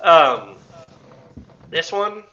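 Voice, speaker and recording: A man with a very bright, forceful voice pitched a little high co-hosts a casual podcast. He talks crudely and swears freely, and he gets animated when he jokes around. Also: drawn-out words, highs cut off. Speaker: podcast co-host. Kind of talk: casual chat.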